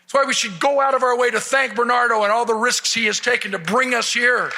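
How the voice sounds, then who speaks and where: A man's voice: extremely high pitch, brisk, crowd noise, noisy background. A man giving a humorous motivational keynote to a live audience, telling stories and acting out the voices of the people in them. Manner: animated, acts out quoted voices. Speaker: motivational speaker. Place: event stage before a live audience.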